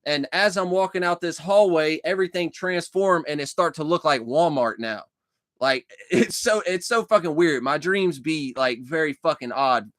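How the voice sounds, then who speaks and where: A young man rambles through a personal story in loose, casual speech, swearing freely and circling back over his own words. His voice sits a little high for a man. The sound is dry and close, with no room around it. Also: moderate pace, a bit bright, no echo. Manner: loose, profane, repeats himself, restarts sentences. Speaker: vlogger recounting a dream.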